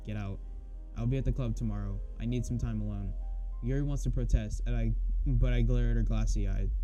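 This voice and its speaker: A man streaming a visual novel mod, reading its text aloud in a flat undertone and breaking off to comment on it. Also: on the low side.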